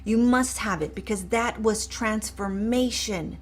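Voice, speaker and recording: A middle-aged woman coach who speaks straight to her viewers with upbeat encouragement and leads a short eyes-closed exercise in a softer voice. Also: on the high side, measured pace. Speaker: mindset coach. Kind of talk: live coaching demonstration.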